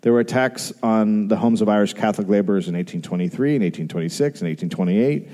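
A man's voice: on the low side, fast, dark tone, in a large hall. A man hosting a live comedy podcast, dryly telling a history story on a theater stage. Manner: dry storyteller, reads quotes and dates. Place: large theater, live audience.

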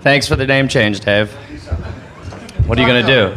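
Male co-host, dry deadpan jabs, average pitch, heavy live-show noise. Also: normal speed. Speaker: podcast co-host. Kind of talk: live comedy podcast banter. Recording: live stage recording with loud background noise.

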